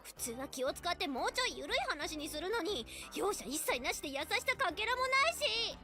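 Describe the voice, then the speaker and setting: A jumpy teenage girl who is easily scared and quick to protest, in an anime-style game. Her voice sits very high and races along in shrill whines. Loud music plays behind her. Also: big pitch swings, heavily acted. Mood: indignant.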